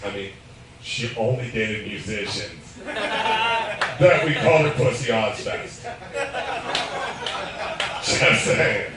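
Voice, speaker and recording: A man, doing a crude, profane live stand-up set while a little drunk, laughing at his own jokes. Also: mid-range voice. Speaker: stand-up comedian. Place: bar stage, live. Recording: echoey room, distant mic, crowd noise.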